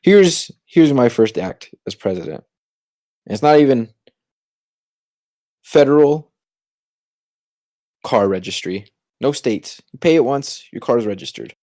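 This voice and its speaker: Casting: young male podcast co-host, animated storyteller, mid-pitched. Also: slow, long pauses, no room sound, clean studio sound. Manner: animated, acts out quoted voices. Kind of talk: casual chat, storytelling.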